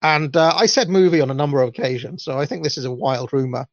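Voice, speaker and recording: This fast-talking young man hosts a podcast in a Welsh accent, casually working through listener comments in a rambling way with lots of ums and uhs. There's no echo, and the recording is dry, dull and low-fidelity.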